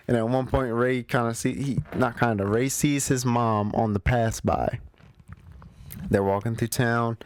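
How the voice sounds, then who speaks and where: Hosting his movie review show, a man with a fairly low voice talks straight to listeners, recapping the plot in a chatty, slangy style. There's no room sound.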